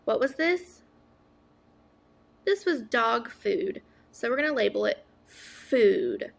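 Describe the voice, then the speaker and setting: A woman teaching a phonics lesson to young children, sounding out words slowly, asking questions and praising answers. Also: on the high side, lively intonation, vocal fry, fairly bright tone. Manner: stretches out sounds, asks and praises an imagined class.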